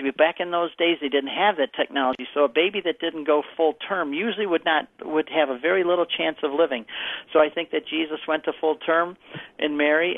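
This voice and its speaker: A man's voice: on the high side, gravelly, dry recording. Older man answering callers on radio. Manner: storytelling, acts out voices in his answers. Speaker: radio show guest answering callers' questions. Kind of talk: call-in radio Q&A. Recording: dry, phone-like radio audio.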